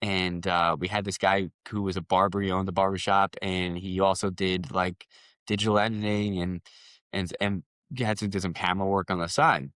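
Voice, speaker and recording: Low-voiced man telling stories. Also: flat delivery, moderate pace, fairly bright tone, no echo. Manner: rambling anecdotes with restarts and quoted dialogue. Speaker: podcast guest, solar company founder. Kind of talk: casual storytelling interview.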